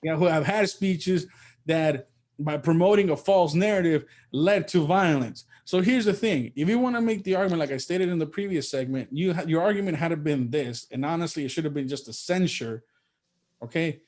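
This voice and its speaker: A man with a fairly high voice co-hosts a political talk show. He argues point by point, leaning on rhetorical questions. He often stumbles through repeated words at the start of a sentence. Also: moderate pace, a little mellow. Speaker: podcast co-host.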